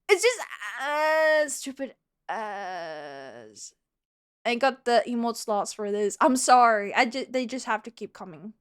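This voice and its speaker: A woman's voice: fairly high pitch, sharp tone. A woman live streamer chatting casually with her viewers and telling a rambling story, laughing often.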